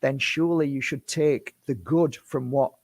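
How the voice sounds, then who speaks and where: A man's voice: medium pitch, fairly even intonation, normal speed, creaky, darkish tone, dry recording. A man in his fifties, a spiritual healer, speaking to camera in an impassioned, defensive monologue full of rhetorical questions. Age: 50s.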